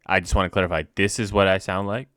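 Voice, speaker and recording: A man's voice: low voice, level tone, quick pace, fairly bright tone, smooth, dry recording, clean studio sound. A man co-hosting a casual podcast, talking in a rambling way with lots of fillers. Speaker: podcast co-host.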